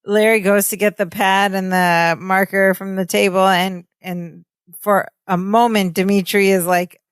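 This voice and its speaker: A woman's voice: medium pitch, level tone, measured pace, smooth, no room sound, studio quality. A woman co-hosting a podcast, retelling a sitcom episode in easygoing casual chat. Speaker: podcast co-host.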